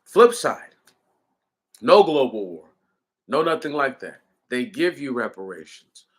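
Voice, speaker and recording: A man's voice: medium pitch, bright, forceful tone. Guy going off in a fired-up rant, keeps firing questions back at you, mid-range voice. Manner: emphatic, repetitive rhetorical questions, preaching cadence. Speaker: commentator. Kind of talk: impassioned spoken commentary.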